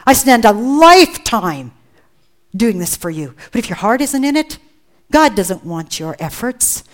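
A woman's voice: mid-range voice, animated, normal speed. A woman preaching a sermon, earnest and emphatic, often asking rhetorical questions.

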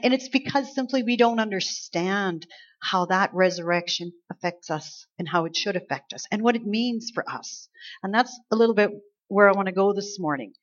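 Lady preacher, chatty and animated, kinda muffled lo-fi sound. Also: mid-range voice. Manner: conversational, animated, acts out angels' lines. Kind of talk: Easter sermon. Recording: slightly dull lo-fi sound.

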